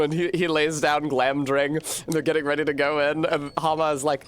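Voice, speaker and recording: A man's voice: fairly high pitch, level tone, fairly quick, few pauses. A man streaming a game, chatting casually in a profane, rambling way and laughing often. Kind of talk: casual gameplay chat.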